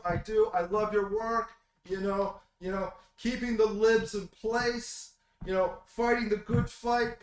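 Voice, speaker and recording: A man voicing a smarmy, glad-handing male radio pundit who talks loudly and gushes. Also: high-pitched, voice pushed up, lightly acted. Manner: loud, gushing, backslapping. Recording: roomy, distant mic, faint noise.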